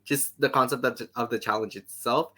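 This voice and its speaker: A Canadian man chats casually on a podcast and fills his speech with "um" and laughter. His voice is bright and crisp. His pitch is mid-range for a man. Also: steady tone, brisk. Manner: filler-heavy, laughs often. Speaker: podcast co-host. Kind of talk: casual chat.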